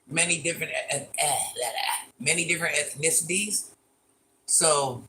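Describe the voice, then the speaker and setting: A woman's voice: low-pitched, sharp tone, a little hiss or hum. A woman around fifty chatting on a phone livestream from her living room, reading viewer comments aloud and teasing back in a playful, repetitive way. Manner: chatty and teasing, repeats lines playfully, calls herself Granny.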